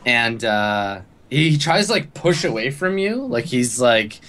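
A man's voice: mid-range voice, expressive, unhurried, fairly bright tone. Casual man running a tabletop game. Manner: casual, filler-heavy narration. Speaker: game master.

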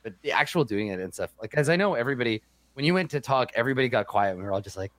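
A man's voice: mid-range voice, lively intonation, rapid-fire, a bit bright, dry recording. Thoughtful man with a dry close voice. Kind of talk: casual podcast chat.

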